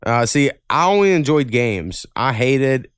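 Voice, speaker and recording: A man hosting a casual podcast, spinning rambling, profanity-laced stories. His voice is smooth and clear, and the recording is close and dry with no room sound. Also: medium pitch, big pitch swings, a little slow, dry recording. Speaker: podcast host. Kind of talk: casual chat.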